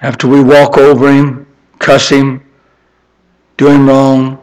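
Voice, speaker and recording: An older man preaching an impassioned sermon, climbing to high emphatic peaks and then dropping into soft, tender storytelling. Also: monotone, takes it slowly, poor audio.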